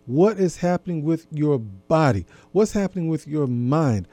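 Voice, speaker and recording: Earnest man with a mellow voice. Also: on the high side, animated, normal speed, dry recording. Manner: earnest, gently instructive, repeats phrases. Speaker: marriage and intimacy speaker. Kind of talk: reflective talk to listeners.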